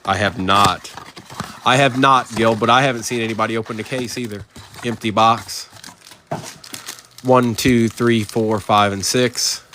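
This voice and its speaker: A man's voice: fairly low pitch, fairly even intonation, measured pace, bright, forceful tone, a little hiss or hum. A man hosting a live sports card break, reading out player names and chatting with viewers.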